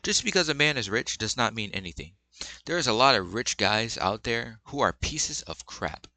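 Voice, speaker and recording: A man's voice: medium pitch, lively intonation, normal speed, bright, forceful tone, no room sound. A young man giving blunt, rambling relationship advice in casual, slang-filled commentary.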